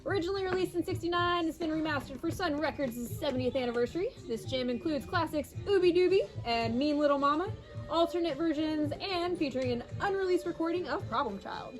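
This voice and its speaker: Young woman from Ohio, high voice, upbeat blurb reading, faint background music. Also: animated, fairly quick. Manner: upbeat, reads blurbs, laughs easily. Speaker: record store co-host. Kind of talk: casual new-release rundown.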